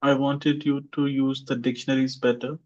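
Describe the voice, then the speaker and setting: A man teaching an online English class, drilling pronunciation by slowly repeating words for his students. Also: mid-range voice, little pitch movement, muffled recording. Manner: slow, deliberate repetition of words for students.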